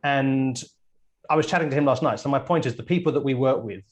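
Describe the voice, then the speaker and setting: A man presenter jumping in to tell lively anecdotes in a casual video panel chat. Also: medium pitch. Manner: storytelling, lively, quick to jump in.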